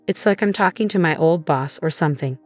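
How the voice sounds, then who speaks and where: A man's voice: on the high side, fairly quick, faint music behind, close to an everyday voice. A woman voicing a controlling, dismissive husband who scoffs and sneers. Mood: scornful. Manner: dismissive, scornful. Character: smug controlling husband, adult man.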